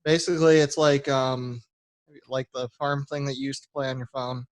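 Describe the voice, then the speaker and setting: A man co-hosting a relaxed podcast, explaining things in loose, rambling sentences full of "like". His voice sits at a middle pitch. The sound is dry and close. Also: normal speed, no room sound. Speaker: podcast co-host. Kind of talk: casual chat.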